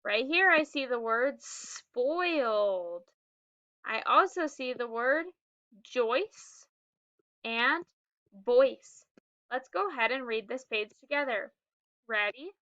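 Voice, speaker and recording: A woman teaching phonics, speaking very slowly and sounding out each word so young children can follow. Her voice sits high and bright. The recording is dry and a little dull. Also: animated, no room sound. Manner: slow, clearly sounded-out words with prompting cues.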